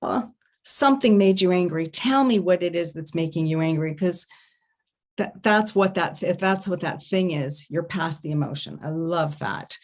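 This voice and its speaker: Low-voiced woman coaching on intimacy. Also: moderate pace. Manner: expressive, demonstrates sounds and hums. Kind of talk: festival talk. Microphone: online video talk.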